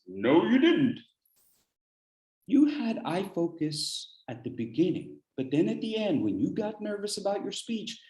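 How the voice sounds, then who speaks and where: A man presenting a speaking workshop over a video call, playful and teasing, firing off rhetorical questions. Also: on the high side. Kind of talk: energetic instructional talk. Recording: echoey room.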